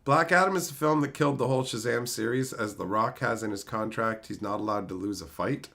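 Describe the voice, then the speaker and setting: A man's voice: lowish voice, brisk, creaky, fairly bright tone. A man streaming a casual, profane rant, sounding exasperated and incredulous.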